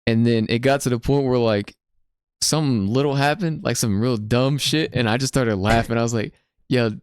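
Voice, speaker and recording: A young man hosting a podcast, telling stories in a casual, slangy, animated way. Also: mid-range voice, brisk, smooth, no room sound, clean studio sound. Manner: slangy, animated storytelling with lots of "bro". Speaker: podcast host. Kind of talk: casual chat.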